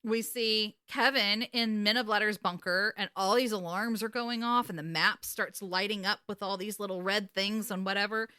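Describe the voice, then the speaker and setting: Her voice is mid-range, clear, and resonant, with a moderate pace and few pauses, captured in studio quality without echo. She co-hosts a podcast, giving a casual recap chat in which she retells the story emotionally and animatedly, swearing often.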